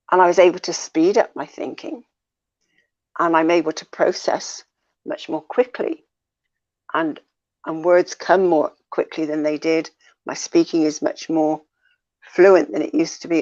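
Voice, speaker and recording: A woman coach talks through ideas in a conversational show, reflective and explanatory as she draws on personal experience. Her voice sits a little low. The recording sounds dull and lo-fi. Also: a little mellow. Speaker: life coach. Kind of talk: conversational talk show discussion.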